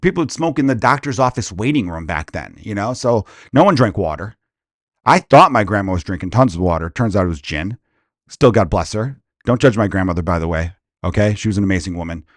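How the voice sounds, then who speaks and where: A lower-voiced man in his thirties rants through a comic story, stopping to correct himself and wander off on tangents. He is close on a podcast mic in a very dry room with no reverb. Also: lively intonation, brisk. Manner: rambling, self-interrupting storyteller. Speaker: stand-up comedian, podcast host. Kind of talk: casual comedic rant.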